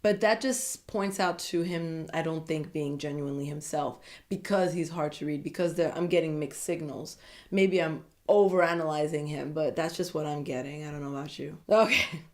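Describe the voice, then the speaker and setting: A woman recapping a reality dating show in a casual, chatty way, animated and gossipy, often breaking into giggles. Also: sits low, moderate pace.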